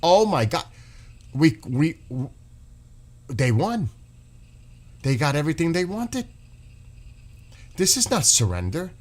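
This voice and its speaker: Male streamer, sarcastic exasperated rant, higher voice with big swings in pitch. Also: big pitch swings, slow, long pauses. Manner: exasperated, sarcastic, swears, reads posts aloud and mocks them. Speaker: streamer reacting to news. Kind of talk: ranting political commentary.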